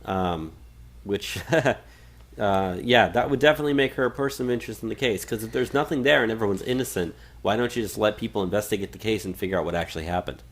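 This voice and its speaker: A man's voice: fairly low pitch, quick pace. Casual male talk-radio co-host. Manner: reads quotes aloud, frequent fillers and restarts. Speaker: podcast co-host.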